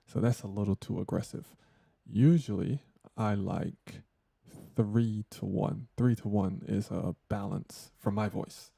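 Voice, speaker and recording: A man's voice: on the low side, fairly even intonation, slow pace, gravelly, mellow, husky. A man hosting a casual hands-on audio tutorial, joking loosely and talking through settings as he tests them. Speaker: tech tutorial host.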